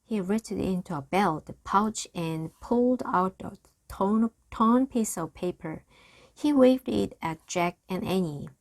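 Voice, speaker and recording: A woman reading a children's chapter book aloud, slow and expressive. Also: mid-range voice, no room sound. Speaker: reader.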